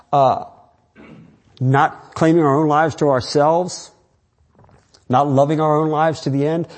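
A man's voice: on the high side, warm tone. A man who is a pastor, preaching an earnest, rambling sermon full of restarts and fillers.

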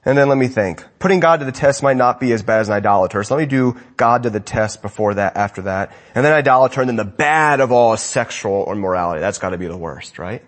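A man preaching a sermon as pastor, swinging between loud emphatic lines and quiet asides. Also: medium pitch, animated, fast talker, few pauses.

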